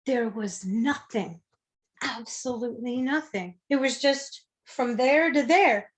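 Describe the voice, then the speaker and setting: A woman's voice: fairly high pitch, slow pace. A woman guest telling a personal story in a conversation, speaking candidly, swearing freely and acting out the people she quotes. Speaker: interview guest.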